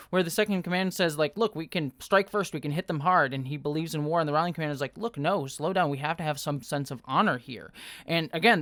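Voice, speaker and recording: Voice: mid-range voice, no echo. Chatty, enthusiastic TV review host. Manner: chatty, enthusiastic, with many fillers. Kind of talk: casual spoken episode review.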